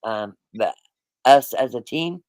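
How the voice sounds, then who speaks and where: A man hosts a livestream and talks to his viewers in a loose, rambling way, often circling back to repeat himself. His voice sits at a middling pitch. It sounds close and dry, with no room echo. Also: lively intonation, takes it slowly, a little mellow. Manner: addresses the chat directly, rambling and repetitive. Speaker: livestream host. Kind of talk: casual livestream chat.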